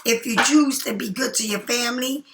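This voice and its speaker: A middle-aged woman giving a casual tarot reading, chatty and emphatic, sometimes slowing into soft whispers. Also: a little high, noisy background. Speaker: tarot card reader.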